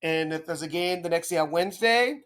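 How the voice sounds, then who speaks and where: A man's voice: on the high side, brisk, fairly bright tone. A man casually explaining baseball rules to a beginner, rambling, correcting himself and checking in with his listeners.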